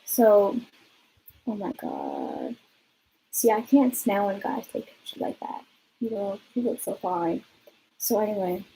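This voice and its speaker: A woman's voice: medium pitch, big pitch swings, takes it slowly, pauses often, mellow, slight background noise, low-quality recording. A young woman vlogging, telling a story in a blunt, chatty way and swearing freely. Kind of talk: casual storytime vlog.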